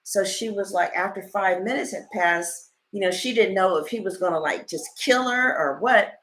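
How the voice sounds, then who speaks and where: A woman tarot reader in a casual livestream, telling stories in an animated, blunt way and swearing freely. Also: mid-range voice, moderate pace.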